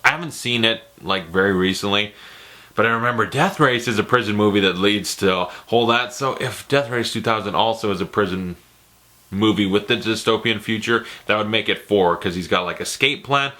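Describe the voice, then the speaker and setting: A young man giving casual, animated, profane commentary while ranking movies, often slipping into impressions. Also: lowish voice, brisk. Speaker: movie reviewer.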